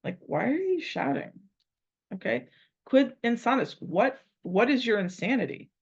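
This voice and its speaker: A woman's voice: fairly high pitch, animated, unhurried, creaky, breathy edge. A woman teaching a Latin translation lesson, thinking aloud and repeating phrases as she works out each line. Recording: dull lo-fi recording.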